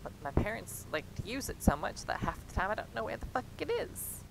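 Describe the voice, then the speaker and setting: A woman's voice: very animated, a little fast. A young woman telling a rambling, profane story in a casual vlog and acting out the quoted lines. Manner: rambling, heavy swearing, acts out quotes. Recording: clear low rumbling noise behind.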